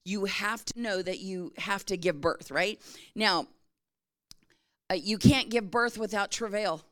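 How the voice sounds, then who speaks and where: A woman's voice: medium pitch, unhurried. A middle-aged woman pastor giving a sermon in a conversational, storytelling way, often checking in with her congregation.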